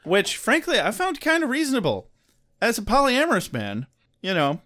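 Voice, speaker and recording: A man's voice: very high-pitched, huge pitch swings, moderate pace, bright, forceful tone. A man co-hosting a casual podcast, recapping a TV episode in a joking, irreverent way. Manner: joking and irreverent, laughs often. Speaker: podcast co-host.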